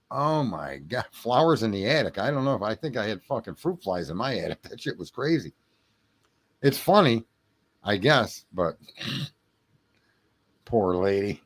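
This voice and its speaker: A man's voice: medium pitch, sing-song, moderate pace. Rambling late-night man, profane and laughing. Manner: rambling, self-mocking, lots of throat clearing. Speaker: livestream host. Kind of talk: late-night livestream chat. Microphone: home streaming mic.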